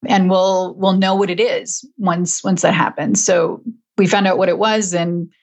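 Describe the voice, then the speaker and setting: A middle-aged woman, an interview guest, telling her story conversationally with frequent restarts. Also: fairly low pitch. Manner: frequent restarts, emotional at moments.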